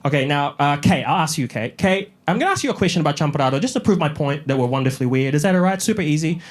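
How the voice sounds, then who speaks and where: A young man from New Zealand doing a stand-up comedy set in front of a live audience, telling stories with lively delivery and little put-on voices. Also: on the high side, racing. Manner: animated storytelling, mocks up little voices.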